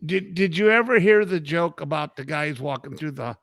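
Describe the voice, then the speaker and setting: A man's voice: fairly high pitch, expressive, fairly quick, vocal fry, fairly bright tone, no echo. A man co-hosting a podcast who retells jokes and stories in casual banter. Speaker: podcast co-host. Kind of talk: joking banter.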